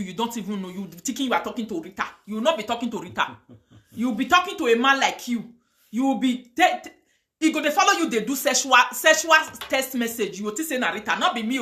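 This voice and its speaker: A woman's voice: a little high, animated, quick pace, pushed and bright. A woman with a Nigerian accent ranting on a live video, mixing pidgin, chanting curses and prayers with fire. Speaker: online video host.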